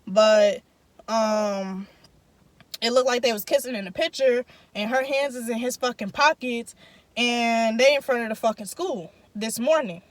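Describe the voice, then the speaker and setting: A woman's voice: a little high, unhurried, dry recording. Profane, emphatic young woman telling a story. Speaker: vlogger. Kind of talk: casual storytime.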